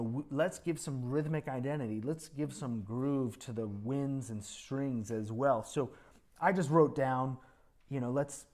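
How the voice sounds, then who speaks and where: A man's voice: medium pitch, a little mellow. A man teaching a composition master class, coaching a student at a rehearsal, often singing rhythms aloud to show how a passage should sound. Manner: encouraging, sings rhythms aloud to show phrasing. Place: music school rehearsal room with an ensemble.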